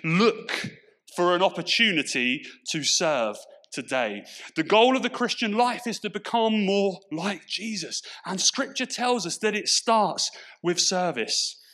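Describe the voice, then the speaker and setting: Bright, animated English preacher man. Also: high-pitched, measured pace. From Portsmouth, England. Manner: emphatic preaching with rhetorical questions. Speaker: pastor. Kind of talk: sermon.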